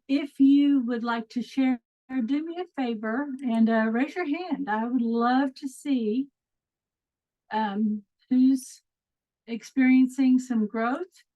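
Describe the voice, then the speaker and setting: A woman's voice: fairly high pitch, takes it slowly, warm tone, lo-fi sound. Chatty Texan woman hosting a video call. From Texas. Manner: chatty, upbeat, loose with fillers and laughs. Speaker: host. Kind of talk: online group coaching call.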